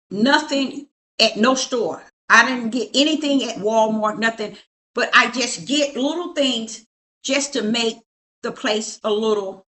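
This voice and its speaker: Her voice sits a little high, sounding pushed and bright, as this middle-aged prophetess gives a casual tour of things around her home. Emphatic and preachy, she keeps asking "you see?"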